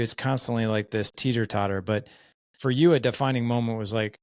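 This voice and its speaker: A man's voice: medium pitch, steady tone, brisk, no room sound. A man hosting a podcast interview, conversational, often checking in with "right?". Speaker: podcast host.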